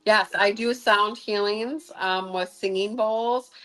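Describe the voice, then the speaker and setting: A woman's voice: medium pitch, fairly even intonation, takes it slowly, sharp tone, poor audio. A woman hosting a casual livestream as a sound healer. She talks in a chatty, rambling way with many filler sounds.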